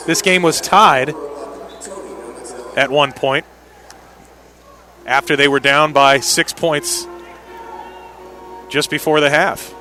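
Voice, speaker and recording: Man, play-by-play commentator, bright cutting voice, slightly high, quick excited calls on big plays. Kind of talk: live indoor soccer play-by-play.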